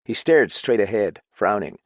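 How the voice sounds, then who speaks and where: A man narrating a mystery audiobook in a measured storytelling manner. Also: lowish voice, expressive, no echo. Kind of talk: scripted narration.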